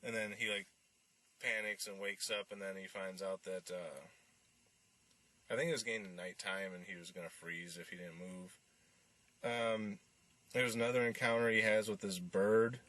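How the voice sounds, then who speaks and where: A man's voice: lowish voice, fairly even intonation, moderate pace, pauses often, fairly bright tone. A man hosting a podcast, recapping a film in a casual, rambling way with lots of fillers and restarts. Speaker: podcast host reviewing a film.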